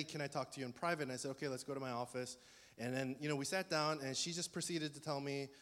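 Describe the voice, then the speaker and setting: A middle-aged male pastor preaches in a relaxed, conversational way, telling stories and leaning hard on key words. His voice sits at an ordinary pitch. The sound carries a long reverb from the hall around him. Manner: conversational, storytelling, animated emphasis. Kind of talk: sermon.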